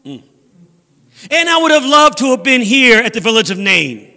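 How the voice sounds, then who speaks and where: A man preaching a sermon as a guest speaker in a church, animated and acting out voices from scripture. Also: very high voice, normal speed, gravelly, big-room sound. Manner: animated, acts out scripture voices, laughs at own jokes. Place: church sanctuary.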